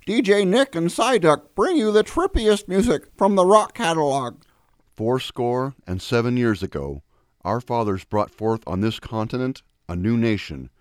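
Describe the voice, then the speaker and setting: A man reads a script aloud in a steady, clear voice-over style. His voice sits a little low. The sound is dry and close, with no room around it. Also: no room sound.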